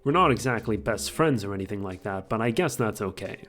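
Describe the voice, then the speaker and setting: A man's voice: on the low side, lively intonation, fairly quick, fairly bright tone, faint music behind, voice pushed down. A man reading out the lines of a chatty little male mouse detective from a game, in a casual, confiding voice. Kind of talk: reading game dialogue aloud.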